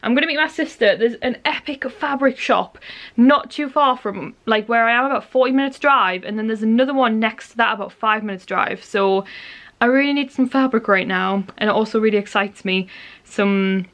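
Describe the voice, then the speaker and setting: A young English woman vlogging in a chatty, excitable way, rambling through her plans with lots of "like" and "um". Her voice sits a little high. She sounds close to a handheld camera. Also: normal speed. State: out of breath. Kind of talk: casual vlog chat to camera.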